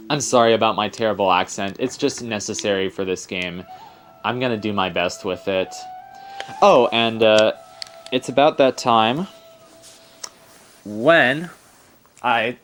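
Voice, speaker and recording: A man's voice: on the low side, unhurried, pauses often, fairly bright tone, soft background music. Rambling young man narrating gameplay. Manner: rambling, self-correcting. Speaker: let's play host. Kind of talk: casual gameplay commentary.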